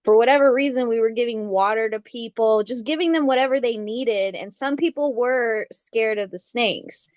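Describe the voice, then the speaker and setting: Female participant, higher pitch, dry audio, earnest tone. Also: normal speed, hardly any pauses, dry recording. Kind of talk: casual sharing on a video call.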